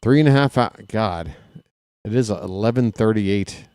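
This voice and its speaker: A man calling a baseball game live in a casual play-by-play style, chatty and candid, drifting into personal asides between the pitches. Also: lively intonation, measured pace, a little mellow, clear, resonant tone, dry recording. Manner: candid and self-deprecating. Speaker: play-by-play announcer.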